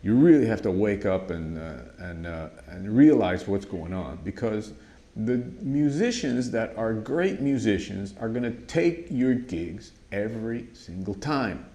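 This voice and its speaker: Brief: man, drum teacher, lower voice, animated storytelling with frequent restarts. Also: a little slow. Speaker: drum instructor. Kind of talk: casual storytelling monologue.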